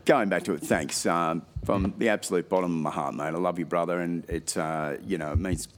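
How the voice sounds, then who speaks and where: Aussie bloke hosting a podcast, deep voice, gushing and hearty. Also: male voice, a little fast. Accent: Australian. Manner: effusive, hearty, swears casually. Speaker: podcast host. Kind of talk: warm casual podcast chat.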